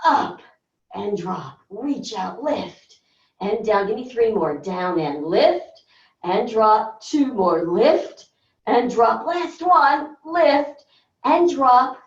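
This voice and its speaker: Slow-cueing woman workout instructor. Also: a little high, animated. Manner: upbeat counting cues and encouragement. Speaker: fitness instructor. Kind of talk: leading a floor workout. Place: carpeted room indoors. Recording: echoey room, distant dull mic.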